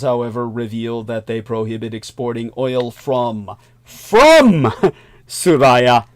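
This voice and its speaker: A man's voice: mid-range voice, darkish tone. A male host delivering a long current-affairs monologue, emphatic, with sardonic asides and chuckles.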